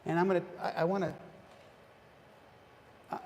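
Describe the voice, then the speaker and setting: Recorded in a church hall with faint background noise and long reverb, this retreat talk comes from a man with a high, slightly mellow voice that barely moves in pitch, at a moderate pace. He preaches engagingly to the congregation, quizzing them and restarting sentences often.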